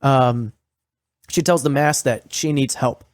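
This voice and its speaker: A podcast co-host recaps a horror series in slow, loose, rambling talk, swearing freely and leaning heavily on fillers. His voice sits at an ordinary middle pitch, recorded dry and close with no room echo.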